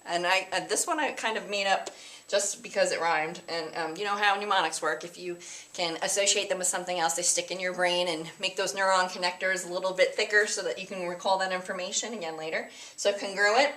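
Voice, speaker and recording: A woman's voice: fairly low pitch, steady tone, fairly quick, fairly bright tone. A woman teacher giving a recorded math lesson to her students, chatty and casual, breaking into sing-song mnemonics. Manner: chatty, explains with sing-song mnemonics and playful put-on voices.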